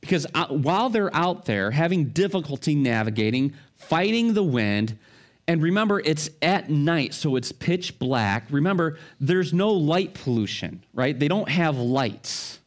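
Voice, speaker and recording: A man's voice: on the high side, big pitch swings, unhurried. A middle-aged male pastor giving a sermon in a conversational way, full of rhetorical questions and family stories.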